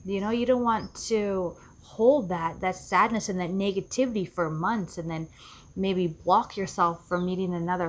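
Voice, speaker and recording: A woman life coach giving an earnest, reflective self-help talk, often repeating herself for emphasis. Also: mid-range voice. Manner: earnest, repetitive, acts out quoted voices.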